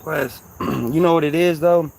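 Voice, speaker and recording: A man from Kentucky with a Louisville accent and a soft, slightly raspy voice, rambling casually to his viewers on a livestream in slang. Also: fairly high pitch, steady tone, measured pace.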